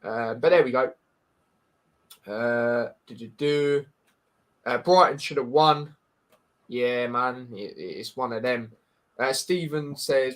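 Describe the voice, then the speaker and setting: Speaking slowly with frequent pauses, this man has a mid-range voice and a Scouse accent as he hosts an informal football podcast. Frank and blunt, he restarts often, repeats himself and says "mate" a lot.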